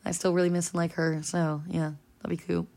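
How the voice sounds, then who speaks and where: A woman's voice: fairly low pitch, flat delivery, brisk, creaky, dark tone. A young woman in her twenties hosting a podcast, chatting casually and rambling with lots of "like". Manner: rambling, heavy use of filler "like". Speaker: podcast host. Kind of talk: casual chat.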